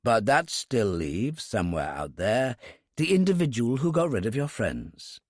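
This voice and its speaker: A man voicing a calm, practical woman agent. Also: medium pitch, a little slow, dry recording, clean studio sound.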